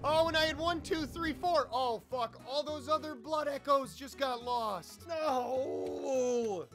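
High, bright, excitable gamer guy. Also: slow pace, soft background music. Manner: excitable, swears and shouts at enemies; joking, sarcastic asides. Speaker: YouTube gamer. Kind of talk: let's play commentary.

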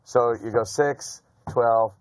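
A man's voice: medium pitch, slow, no echo. A middle-aged man hosting a casual comedy chat, telling stories with lots of swearing and laughter. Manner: profane, laughing, animated storyteller. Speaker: podcast host.

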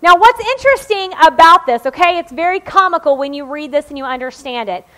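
A woman's voice: sits high, animated, a little fast, fairly bright tone. A woman in her forties preaching a sermon in a chatty, joking way, often checking in with the congregation. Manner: conversational and joking, checks in with "okay?".

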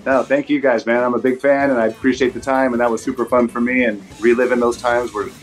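A man in his fifties, a guest in casual chat, laid-back and halting with many restarts. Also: medium pitch, flat delivery, faint music behind. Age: 50s. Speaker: guest, former tour crew.

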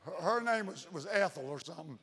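A man preaching a sermon as pastor, folksy and emphatic, dropping to low intense tones. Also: lively intonation, fast talker, fairly bright tone. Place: church sanctuary. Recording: church hall reverb.

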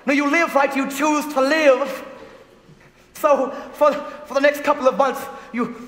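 A young man playing a shy musical fan who talks to the audience in a halting, stammering monologue. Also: very high-pitched, steady tone, a bit bright. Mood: confiding. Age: young adult. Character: shy, rambling male musical fan narrating. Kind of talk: stage monologue. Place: school theatre stage. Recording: echoey theatre hall.

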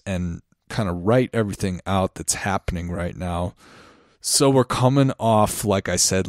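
A male podcast host with a low voice gives a casual forecast at an unhurried pace, close to the mic in a dry, dead room. He talks loosely, with many ums and restarts, and sounds a little out of breath. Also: no echo. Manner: loose and chatty, with frequent ums and self-corrections.

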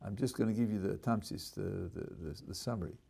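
A man's voice: a little fast, vocal fry, husky. An older man, a rabbi, giving a Torah lecture and acting out the speakers in his examples, sprinkled with Hebrew religious terms. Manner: animated, acts out a speaker's voice, rising and dropping pitch. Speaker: rabbi teaching a class.

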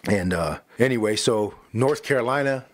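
A man's voice: mid-range voice, normal speed, dry recording, clean studio sound. A man, a pastor, casually telling his life story in an interview, acting out what people said, repeating words and often saying "bro" and "right?". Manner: animated storyteller who acts out quotes, repeats words, says "bro" and "right?".

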